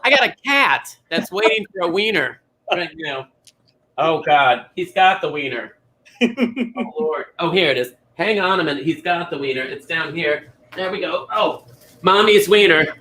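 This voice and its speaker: High bright campy bingo host man. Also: animated, moderate pace. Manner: chatty, scattered, jokey. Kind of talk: campy live bingo calling and chat.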